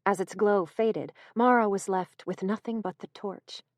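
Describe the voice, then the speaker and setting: A woman reading a horror audiobook in a measured, even storytelling manner, close to the mic. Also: medium pitch, no echo. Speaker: audiobook narrator. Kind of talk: scripted narration.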